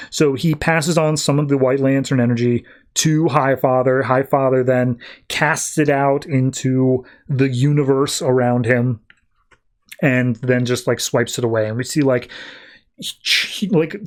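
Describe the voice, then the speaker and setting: A man hosting a podcast, recapping a comic book casually and acting out the characters' lines in quick paraphrase, full of "like"s. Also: medium pitch, a little mellow. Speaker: podcast host.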